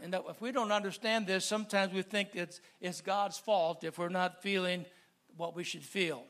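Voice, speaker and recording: A man preaching a sermon, talking easily with the congregation and building to loud, fervent preaching with repeated phrases. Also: high voice, steady tone, moderate pace. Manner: repetitive listing cadence.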